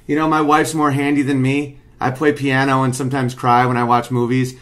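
A man's voice: medium pitch, flat delivery, fairly quick. Man casually breaking down his comedy. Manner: rambling, analytical, picks up intensity when making his point. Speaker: comedian explaining his own bit. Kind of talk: casual commentary. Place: at home.

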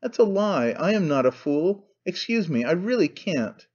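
A man's voice: high-pitched, very animated, normal speed, a little mellow, dull audio. A man voicing a panicky, nervous man who stammers out fussy protests. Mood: flustered.

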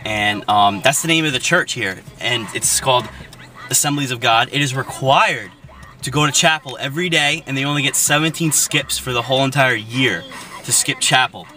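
A man's voice: mid-range voice, moderate pace. A young man talking casually in a vlog, blunt and profane, with plenty of fillers. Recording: distant mic with loud traffic noise.

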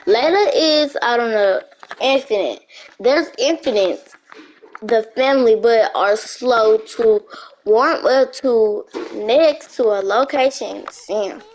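Mouse clicks and noise fill the recording as a gaming host, mid-range in voice and slow in pace, gives relaxed let's-play commentary. His remarks go both to the game characters and to the people watching.

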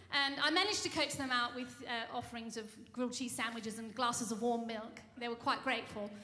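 A woman's voice: high voice, pushed and bright, a little hiss or hum. A woman cabaret singer telling a rambling, mock-earnest tall tale on stage, full of ums and restarts, live in a music venue. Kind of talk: comic stage monologue. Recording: reverberant live room.

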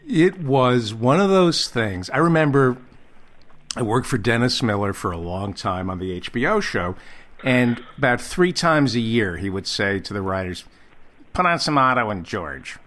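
A man's voice: mid-range voice, big pitch swings, moderate pace, a bit bright. A man, a comedian guest in a casual chat, asking eager questions and laughing easily.

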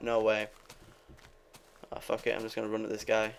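A man's voice: lowish voice, expressive, normal speed, long pauses, background noise. A young man giving rambling, casual commentary while playing a game, swearing freely and talking to his viewers. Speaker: gaming video creator.

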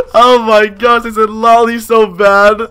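A man with a bright, forceful, fairly high voice commentating his own gameplay as it happens. He talks in quick, excitable bursts and often repeats the same phrase several times. He laughs often as he reacts to his chat. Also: clear, resonant tone. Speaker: gaming YouTuber.

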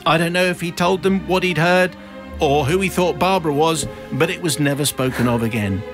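A man's voice: on the high side, brisk, music in the background. A man hosting a radio show, reading out a listener's confession in a wry storytelling manner with chuckles, then chatting in the studio. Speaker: radio host. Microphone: studio microphone.

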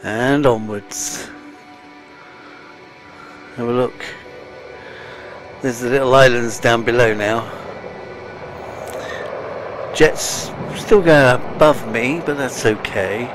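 Man, casual game commentary, mid-pitched voice, talking to himself, slightly out of breath, faint game music behind. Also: takes it slowly, pauses often. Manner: chatty, muttering to himself with sighs. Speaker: game streamer. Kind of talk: casual let's-play commentary.

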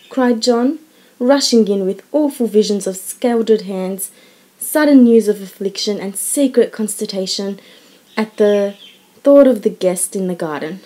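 A woman narrating a classic novel audiobook in a lively, dramatic storytelling manner. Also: mid-range voice, a little slow, poor audio.

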